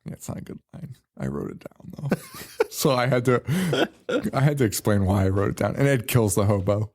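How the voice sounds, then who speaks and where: Brief: male podcast host, lively swinging pitch, profane, giggly, rambling movie chat. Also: brisk. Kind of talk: casual movie review chat.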